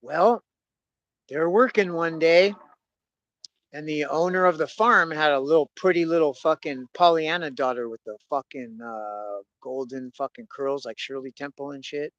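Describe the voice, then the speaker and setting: A man's voice: a little high, normal speed, a bit bright, no echo, dull audio. Rambling, profane man telling a story. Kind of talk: casual monologue.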